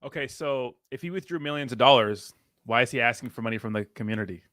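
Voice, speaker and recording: A man's voice: mid-range voice, fast talker, fairly bright tone, no room sound, studio quality. Blunt, swearing man reacting to clips. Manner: blunt, profane slang. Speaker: reaction streamer. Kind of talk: casual reaction commentary.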